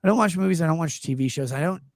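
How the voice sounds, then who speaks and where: Earnest higher-voiced man explaining himself. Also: rapid-fire, no echo, clean studio sound. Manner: earnest, defensive, explaining at length. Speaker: show host. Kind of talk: casual live-stream chat.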